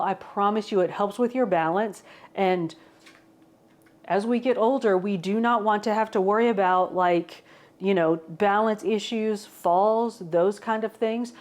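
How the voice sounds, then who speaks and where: A woman's voice: medium pitch, darkish tone. A woman, rambling casually through a home cooking and fitness vlog, calling her viewers "y'all". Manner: rambling, self-deprecating, says "y'all" a lot. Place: home kitchen.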